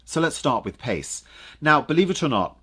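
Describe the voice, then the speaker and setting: A man giving a lively online coaching talk on presenting, speaking to camera and using dramatic pauses and punched words for emphasis. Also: a little high, breathy edge.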